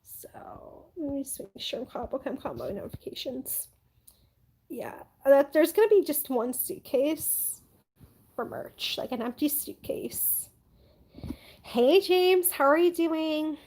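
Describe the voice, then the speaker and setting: A woman's voice: high-pitched, sing-song, measured pace, darkish tone, poor audio. A young adult woman hosting a live stream, chatting casually and bubbly with many fillers while reading viewer comments.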